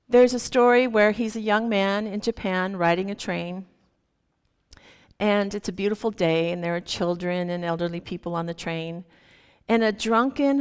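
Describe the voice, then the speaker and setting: A woman minister telling a story in a sermon, gentle and unhurried. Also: mid-range voice, clean tone. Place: church sanctuary. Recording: long hall reverb.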